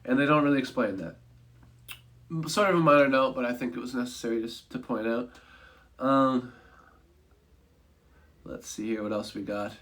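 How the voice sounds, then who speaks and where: A man's voice: medium pitch, normal speed, long pauses, a bit bright. A young man casually talking through a movie review on a livestream, rambling and correcting himself with offhand humor.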